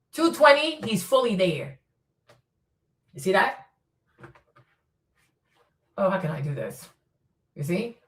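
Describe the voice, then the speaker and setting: A woman's voice: on the high side, fairly bright tone, roomy sound, distant mic. A woman streamer commenting on footage in a casual, insistent way, repeating herself as she points out details step by step.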